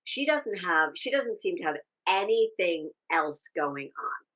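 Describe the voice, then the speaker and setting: A woman's voice: lowish voice, lively intonation, a little slow, a bit bright, rough recording. A woman co-hosting a casual podcast chat, talking through a TV episode in an opinionated way, often trailing off and restarting. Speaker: podcast co-host. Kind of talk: casual chat recapping a TV show.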